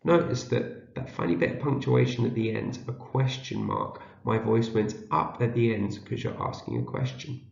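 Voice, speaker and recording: Reading aloud word by word, a man teaches young children to read, repeating every word so they can follow and echo it in a slow, patient shared lesson. His voice is lowish and gravelly with big swings in pitch, in a dull, roomy home video recording.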